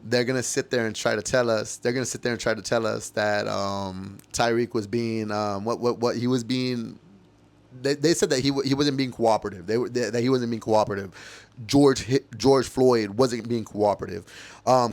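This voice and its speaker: A man's voice: medium pitch, fairly even intonation, normal speed. A man, ranting heatedly and emotionally about his own experiences, cursing and repeating himself. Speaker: podcast host. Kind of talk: heated personal monologue.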